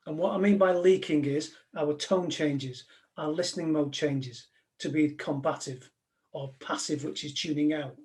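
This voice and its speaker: A man's voice: a little high, fairly even intonation, normal speed, a little mellow. A man, a former police negotiator, giving a live talk to an audience in a direct, conversational way, full of anecdotes.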